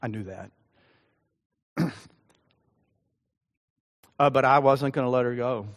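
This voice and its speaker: A male pastor delivering a sermon with a personal story, earnest and halting, with frequent ums. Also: medium pitch. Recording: long hall reverb.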